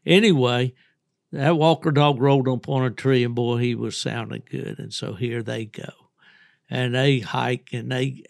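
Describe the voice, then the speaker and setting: Gravelly older storyteller. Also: male voice, mid-range voice, no echo, studio quality. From Southern West Virginia. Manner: folksy, rambling storyteller who laughs often. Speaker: podcast host. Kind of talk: casual storytelling chat.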